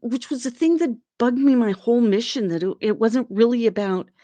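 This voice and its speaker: Animated woman telling a personal story. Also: on the high side, moderate pace, no room sound. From Arizona. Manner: animated, acts out quoted people in a raised voice. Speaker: guest.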